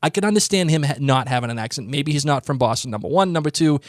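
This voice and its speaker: A podcast co-host with a voice on the high side talks animatedly and quickly, eagerly recapping a TV episode in casual chat. He teases, restarts sentences often, and the clean studio sound has no room sound.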